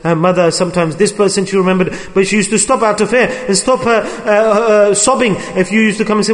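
A man's voice: high voice, steady tone, fast talker, hardly any pauses, long reverb tail. A man preaching a sermon to his brothers, telling stories and acting out the quoted voices of the people in them. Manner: storytelling, acts out quoted speech.

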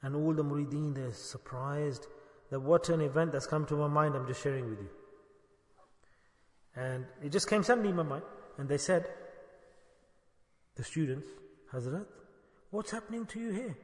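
Male preacher, high bright voice, storytelling sermon that swells to emphatic cries, long hall reverb. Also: normal speed, pauses often. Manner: storytelling, rising to emphatic exclamations. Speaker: Islamic preacher.

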